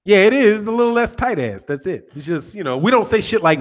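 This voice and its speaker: A man's voice: high voice, fairly quick, few pauses. An American man hosting a boxing channel, chatting casually and reading viewer comments in a joking, profane way. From United States. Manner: profane, joking, lively with laughs.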